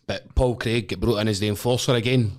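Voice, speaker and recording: A man's voice: lowish voice, normal speed, creaky. A Scottish man, a wrestler guest on a podcast, telling stories in casual chat, swearing a lot and laughing through them.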